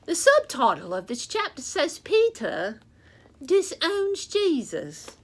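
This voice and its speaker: A chatty rooster from a children's puppet show , voiced by a woman, reads Bible stories aloud in a high, sing-song voice that swoops all over. She takes her time, lingering on the words as she talks straight to the kids. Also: huge pitch swings, slow pace, full character voice.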